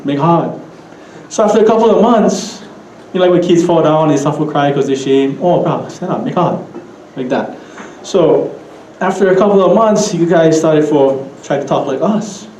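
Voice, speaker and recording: Hawaiian Pidgin man, relaxed, echoey hall. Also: a little high, normal speed, slight background noise. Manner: relaxed storytelling, laughs often, asides to the audience. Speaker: keynote speaker. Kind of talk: conference keynote talk.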